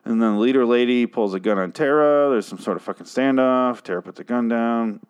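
A man's voice: medium pitch, brisk, smooth. A man casually recapping a TV episode, rambling, sarcastic and profane, with frequent asides and restarts. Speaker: show recap host.

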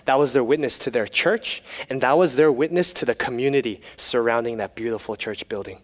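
A man's voice: mid-range voice, brisk, big-room sound. A man preaching a sermon, telling stories with humor and then turning earnest. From United States. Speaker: pastor.

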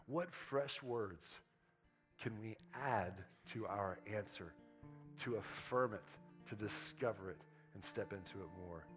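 A man preaching a sermon in a casual, conversational way. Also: fairly low pitch. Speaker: pastor. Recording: soft guitar music behind.

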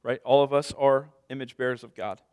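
A man's voice: medium pitch, steady tone, fairly quick, smooth, phone-quality sound. A man in his thirties preaching a sermon as a pastor, conversational, telling stories with self-deprecating humor.

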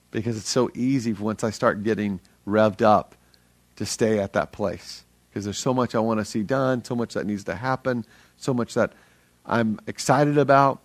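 A middle-aged pastor with a fairly low voice preaches a sermon, energetic and earnest, recorded dry. He speaks conversationally and frequently restarts his sentences.

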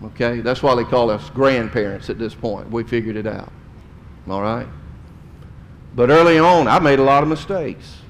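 A middle-aged man preaching a sermon to his congregation, speaking emphatically and swelling louder and higher on key points. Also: normal speed, a little hiss or hum. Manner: addresses the congregation directly. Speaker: pastor. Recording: long hall reverb.

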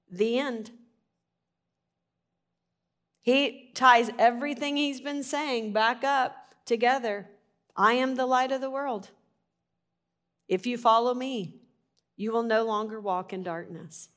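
A woman reads a Bible passage aloud, then explains it in a conversational teaching style, leaning on key words and now and then clearing her throat. Her voice is fairly high and fairly bright, and she speaks a little slowly.

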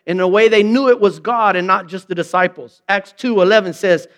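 A man's voice: high voice, brisk, few pauses, fairly bright tone. A man preaching a sermon in a conversational way, asking rhetorical questions and acting out quoted remarks in mock voices. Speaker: pastor.

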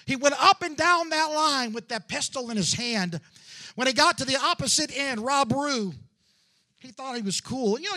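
A man in his forties preaching a dramatic testimony, moving between hushed storytelling and loud fervor with drawn-out "uh" fillers. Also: extremely high pitch. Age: 40s. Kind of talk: sermon testimony.

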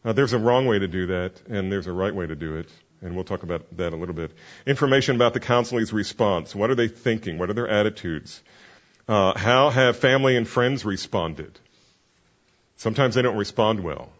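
A man's voice: fairly low pitch, lively intonation, a little fast, muffled recording. A man who is a pastor and counseling mentor, teaching a class in an earnest, conversational way with many fillers.

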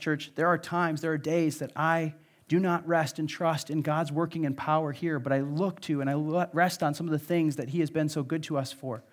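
A man with a Midwestern American accent preaching a sermon to his church, earnest and conversational, with frequent fillers and restarts. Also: fairly high pitch. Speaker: pastor.

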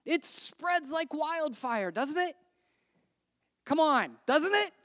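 A woman's voice: high voice, expressive, slow pace, fairly bright tone, no echo. Chatty woman preaching, dry close sound. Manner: conversational and joking, full of rhetorical tag questions. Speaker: pastor. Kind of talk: sermon.

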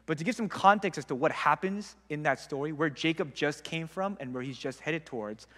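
Long hall reverb surrounds a young Bible teacher whose voice is a little high, a little fast, bright and forceful. His talk is casual and conversational, sprinkled with frequent "like" fillers.

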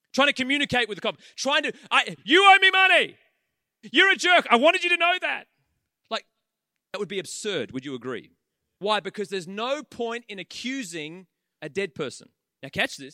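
A man preaching a sermon in church, animated and conversational, acting out the voices of the people he talks about. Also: sits high, no echo, clean studio sound.

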